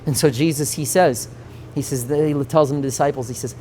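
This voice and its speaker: A man in his forties, a pastor teaching a conference session, telling stories with lively acted-out quotes and frequent laughter. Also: medium pitch, a little fast, slight background noise. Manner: animated storytelling, acts out quoted voices, laughs often.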